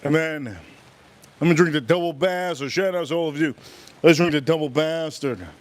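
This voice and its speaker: A man hosting a casual livestream, chatting and reacting out loud while he eats. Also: on the high side, normal speed. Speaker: livestream host. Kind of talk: casual livestream food tasting.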